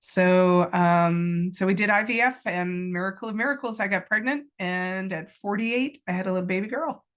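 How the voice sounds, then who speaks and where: A woman's voice: mid-range voice, normal speed, hardly any pauses, muffled recording. A woman in her fifties, a cancer patient, telling her personal story in an interview in a candid, reflective way, with many ums. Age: 50s. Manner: candid and reflective, with frequent fillers.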